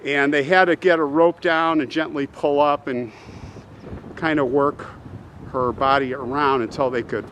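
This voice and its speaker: Man vlogging at a cemetery, slow earnest storytelling, slightly high voice, faint outdoor noise. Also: fairly even intonation, fairly bright tone. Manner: slow, earnest retelling with pauses and restarts. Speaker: host.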